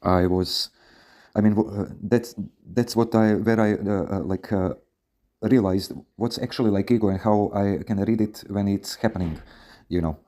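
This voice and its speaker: Guy, really deep mellow voice, rambling podcast advice full of you know and swearing. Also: moderate pace. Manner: rambling, many fillers, frequent swearing. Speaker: podcast host. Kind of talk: casual storytelling advice podcast.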